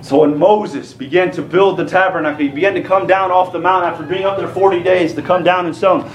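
A man preaching a sermon. He moves from plain Bible teaching to shouted fervor. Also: high voice, fairly even intonation, a little fast, hardly any pauses, roomy sound, poor audio.

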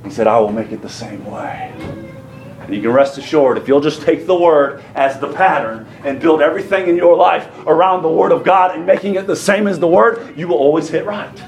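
A man preaching a sermon. He moves from plain Bible teaching to shouted fervor. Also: fairly high pitch, a little fast, creaky, few pauses, echoey room, crowd noise, poor audio.

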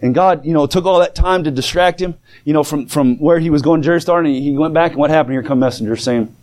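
A man preaching a sermon in a church, telling a story with voices he acts out and shouting at the high points. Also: quick pace, hardly any pauses. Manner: animated storytelling, acting out voices.

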